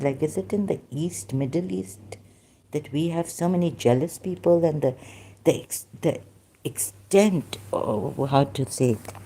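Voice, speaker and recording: A woman's voice: low-pitched, warm tone, a little hiss or hum. A woman vlogger talking casually to camera, rambling and breaking off mid-sentence to restart her thoughts. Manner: rambling, self-interrupting, many restarts. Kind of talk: casual monologue.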